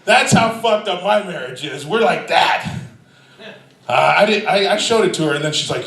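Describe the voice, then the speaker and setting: A man doing a stand-up comedy set, telling a profane story with shouted quotes, animated and loud. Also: sits high, moderate pace, roomy sound, recorded from a distance, poor audio.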